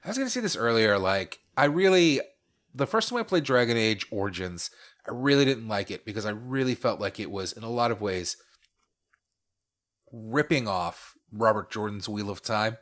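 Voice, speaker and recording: A man's voice: on the low side, animated, normal speed, fairly bright tone. A man co-hosting a podcast, talking casually in a wry, opinionated way and swearing now and then. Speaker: podcast co-host.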